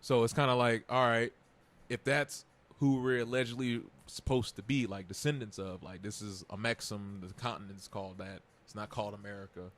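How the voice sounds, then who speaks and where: A man's voice: fairly low pitch, steady tone, a little fast, fairly bright tone. A man co-hosting a casual podcast chat, rambling and restarting his sentences, with loose slang. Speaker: podcast co-host.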